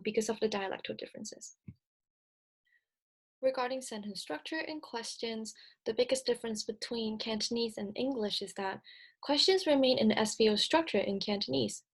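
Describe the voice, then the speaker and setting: A young adult woman presenting a recorded slide lecture, explaining step by step with frequent ums and self-corrections. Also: a little high. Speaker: speech-language presenter.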